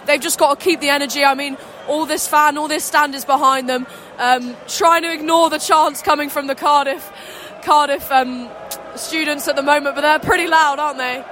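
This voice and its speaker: A woman's voice: sits high, fairly even intonation, normal speed, fairly bright tone, slight background noise. A young woman giving casual rugby co-commentary from a stadium stand, chatty and full of fillers. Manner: chatty, many "I mean" and "um" fillers. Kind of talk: casual match analysis.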